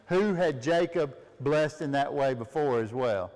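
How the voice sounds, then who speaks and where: A man's voice: mid-range voice, animated, measured pace, a little mellow, long reverb tail. A man leading a family Bible study, reading scripture aloud and asking his listeners questions with frequent laughs. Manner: reads aloud, then asks listeners questions and laughs often.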